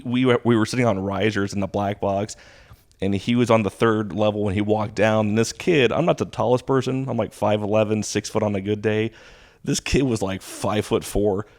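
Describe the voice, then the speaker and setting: A man in his thirties, a stand-up comic and drama teacher, telling stories casually and acting out quotes in a higher pitch. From Houston, Texas. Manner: animated storytelling, acting out quotes with a jump in pitch. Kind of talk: casual storytelling.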